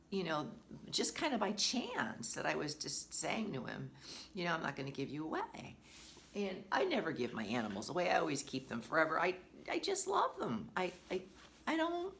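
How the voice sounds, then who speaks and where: Woman, middle-aged, animal communicator; casual, heartfelt storyteller with a lowish voice and a very animated pitch. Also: vocal fry, slight background noise. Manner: chatty, emotional, swooping up high when excited.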